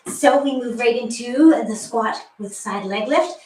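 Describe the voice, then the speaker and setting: A woman's voice: on the high side, a little slow, a little mellow, reverberant, recorded from a distance, poor audio. A woman fitness instructor leading a home workout, out of breath, cheerful and chatty, counting reps and laughing at herself.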